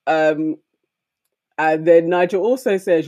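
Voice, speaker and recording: Animated co-host, mid voice. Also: mid-range voice, a little slow. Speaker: podcast co-host. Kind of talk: casual chat.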